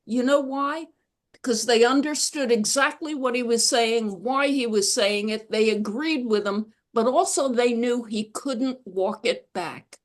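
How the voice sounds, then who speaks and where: A woman being interviewed as an author, telling stories in a reflective, measured way. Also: fairly high pitch. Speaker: guest author. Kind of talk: conversational interview.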